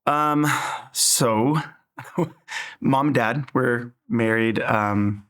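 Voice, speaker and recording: A man's voice: medium pitch, extremely slow, a bit bright. A man from Southern California, an interview guest, giving an earnest, reflective personal faith testimony.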